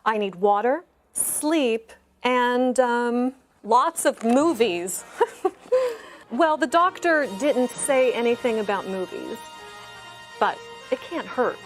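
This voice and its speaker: Cheerful sick young Anna. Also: female voice, a little high, expressive, takes it slowly, long pauses, faint music behind. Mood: upbeat. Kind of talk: scripted dialogue for learners.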